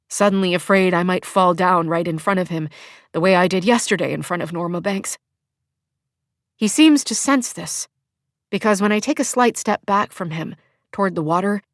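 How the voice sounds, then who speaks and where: A woman's voice: lowish voice, dry recording, studio quality. A woman narrating a first-person audiobook with an emotional, heartfelt delivery that rises in tearful moments.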